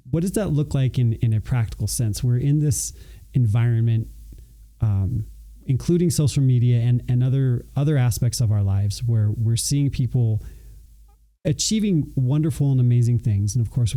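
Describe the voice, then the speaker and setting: A man hosts the conversation in a deep, mellow voice at a middle pitch. He asks thoughtful questions, often restarting his phrases as he works his ideas out. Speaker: podcast host. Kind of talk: interview questions.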